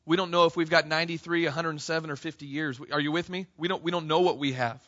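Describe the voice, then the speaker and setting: A man preaching a sermon to his church, passionate, calling out to the congregation and rising to near shouts. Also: on the high side, fairly even intonation, fast talker, highs cut off. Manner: impassioned, rising to near shouts on quoted cries; addresses congregation as "church", frequent "right?". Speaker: pastor.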